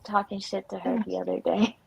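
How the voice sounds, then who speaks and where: A woman's voice: mid-range voice, little pitch movement, a little fast, vocal fry, husky, rough recording. A woman hosting a casual livestream chat from her home office. She is blunt, swears freely, and is shivering from the cold.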